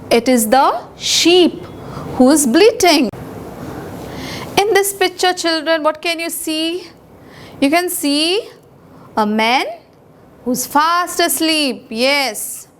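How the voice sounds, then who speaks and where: A woman with an Indian English accent teaching young children a recorded English lesson, speaking slowly and deliberately and spelling words out letter by letter. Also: high-pitched, lively intonation, fairly bright tone, slight background noise.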